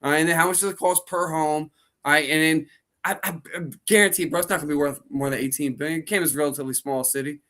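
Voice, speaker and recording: Fast rambling man on a podcast. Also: on the high side, fairly even intonation, sharp tone. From New Jersey. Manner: rambling, lots of fillers. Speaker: podcast co-host. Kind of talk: casual chat.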